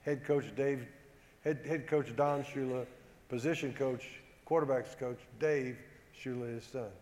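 A man telling a humorous, self-deprecating story to a live audience, animated and acting out the dialogue. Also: medium pitch, measured pace. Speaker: former football player giving a talk. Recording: echoey hall with long reverb.

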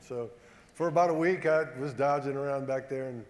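A man telling a humorous, self-deprecating story to a live audience, animated and acting out the dialogue. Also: fairly high pitch, a little fast. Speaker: former football player giving a talk. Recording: echoey hall with long reverb.

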